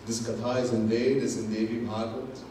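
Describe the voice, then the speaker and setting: A man with a Trinidadian accent gives a sermon as a swami. He teaches slowly and with emphasis, repeats key words and drops in Hindi and Sanskrit terms. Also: mid-range voice, level tone, dark tone, slight background noise. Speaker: swami giving a Gita discourse. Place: large temple hall. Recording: distant mic in an echoey hall.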